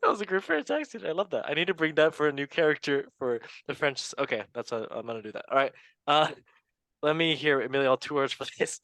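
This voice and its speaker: A man's voice: medium pitch, a little fast, a bit bright, no room sound. A man hosting a football talk show in a playful, joking way. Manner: playful, joking, laughs often. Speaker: host. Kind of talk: casual chat. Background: faint background music.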